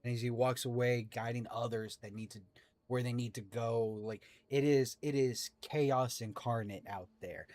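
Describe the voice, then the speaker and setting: A man's voice: mid-range voice, fairly even intonation, normal speed, a little mellow, no echo. A man narrating a tabletop game as game master, loose and rambling with many restarts.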